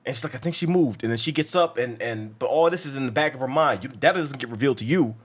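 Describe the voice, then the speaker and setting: Speaking quickly in a mid-range voice, this man hosts a movie review show and casually runs through a film's plot. His recap wanders, keeps restarting, is full of profanity, and includes acted-out quotes.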